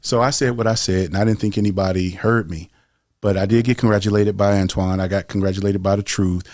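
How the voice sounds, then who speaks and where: A man's voice: lowish voice, fairly even intonation, fast talker, darkish tone, dry recording, clean studio sound. A man in a casual group chat, telling long, rambling, profane jokes and stories. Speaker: stand-up comic in group chat.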